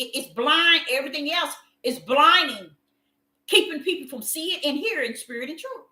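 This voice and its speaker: Woman preacher, impassioned and repetitive, with a bright, lively voice in an echoey room. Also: very high voice. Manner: impassioned, repetitive, addresses listeners as y'all. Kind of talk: sermon.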